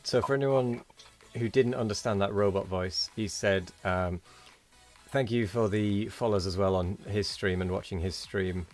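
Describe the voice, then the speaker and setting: Late at night, a tired man hosts a live game stream, rambling casually as he thanks viewers and chats with his co-player. His voice is lowish and darkish in tone, a little slow, with faint music playing behind him.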